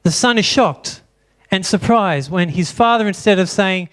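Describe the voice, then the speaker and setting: A man's voice: high-pitched, moderate pace, fairly bright tone. A man preaching a sermon in church, asking the congregation question after question. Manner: asks the congregation many rhetorical questions. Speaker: pastor.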